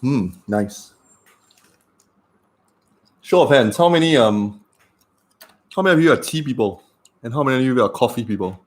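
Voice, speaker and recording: A man's voice: medium pitch, lively intonation, moderate pace, long pauses. A man, a doctor chatting casually on a livestream with lots of fillers. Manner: chatty and rambling, with many fillers.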